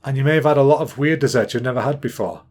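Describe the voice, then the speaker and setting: English man, 30s, podcast host; relaxed rambling storyteller, quick with jokes. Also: mid-range voice. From England. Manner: rambling, chatty, jokey. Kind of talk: casual storytelling monologue.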